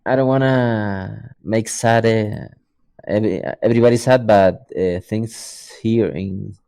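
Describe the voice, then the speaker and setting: A man's voice: on the low side, fairly even intonation, a little slow, creaky, dark tone, clear, resonant tone, no echo. A man from Ecuador talking as a guest in a casual online chat, hesitant and searching for words. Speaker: guest developer.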